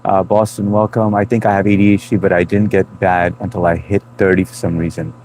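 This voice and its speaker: Stream host, man, thirties, low-pitched, loose friendly chat. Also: flat delivery, fairly quick, a little mellow, a little hiss or hum. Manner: loose and chatty, greets viewers by name. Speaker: livestream host reading chat. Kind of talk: casual live chat.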